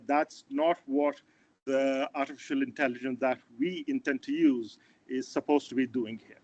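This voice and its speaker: A man giving an online startup pitch, earnest and hesitant, with frequent fillers and restarts. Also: a little mellow, dry recording. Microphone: video call. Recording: dull, dry video call audio.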